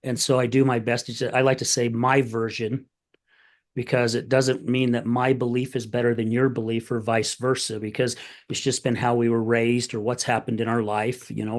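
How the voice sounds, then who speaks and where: A middle-aged man hosting a podcast, telling candid stories in a casual, plain-spoken conversation. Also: mid-range voice. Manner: storytelling, animated retelling of conversations. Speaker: podcast host.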